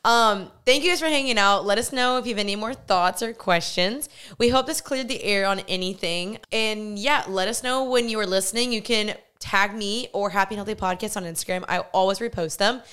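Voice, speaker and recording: Young woman podcast host, giggly and teasing, smooth voice, kinda tired. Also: mid-range voice, brisk, hardly any pauses, a bit bright. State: tired and run down. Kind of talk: casual podcast chat.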